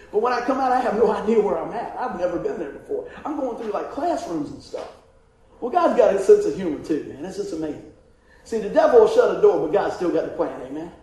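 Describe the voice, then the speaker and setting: A man telling a folksy, animated testimony story as a preacher, often laughing and acting out the voices in his story. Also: high-pitched. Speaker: evangelist preacher. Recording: heavily echoing hall with faint ambient noise.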